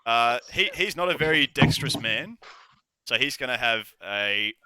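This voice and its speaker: A man's voice: medium pitch, animated, normal speed, background noise. A man narrating a tabletop game as game master, rambling with lots of fillers.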